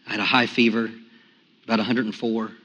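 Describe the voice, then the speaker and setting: A pastor giving a sermon with a personal testimony, going from quiet, hushed telling to loud, high-pitched praise. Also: male voice, level tone, a little fast, breathy edge, muffled recording. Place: church sanctuary. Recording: echoey church sanctuary.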